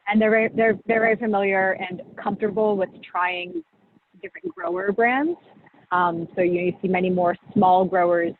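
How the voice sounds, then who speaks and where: Over a video call, a woman who directs a champagne brand chats casually about tasting, sprinkling her talk with "like" and "you know." Her voice is medium-pitched at a moderate pace, and the call audio is tinny with a faint hiss.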